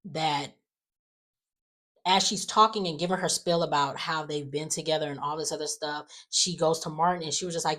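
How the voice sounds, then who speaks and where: Chatty low-voiced woman recapping soaps. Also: steady tone, normal speed, fairly bright tone. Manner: chatty, many fillers and restarts, acts out quotes. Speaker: soap opera recap vlogger. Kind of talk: casual episode recap.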